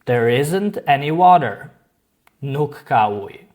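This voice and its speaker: Slow, careful male language teacher. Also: mid-range voice, expressive, a little mellow. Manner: slow, careful repetition of example sentences. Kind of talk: grammar lesson with spoken examples.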